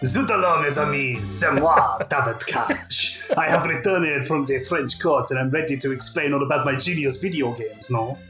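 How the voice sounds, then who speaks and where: A man's voice: medium pitch, normal speed, hardly any pauses, roomy sound, over music, close to an everyday voice. A man doing a hammy fake-French game director. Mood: boastful.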